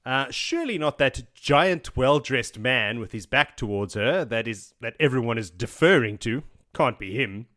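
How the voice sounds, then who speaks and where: Bright, excitable male podcast host. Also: medium pitch, normal speed, hardly any pauses. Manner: swearing, laughing, excitable retelling. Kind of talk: casual book recap.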